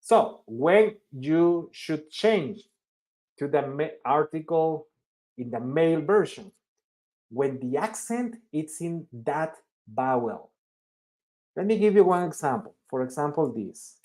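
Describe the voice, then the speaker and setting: A man's voice: on the high side, animated, slow pace, darkish tone. A man teaching an online language class, explaining patiently step by step and checking in often. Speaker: Spanish teacher.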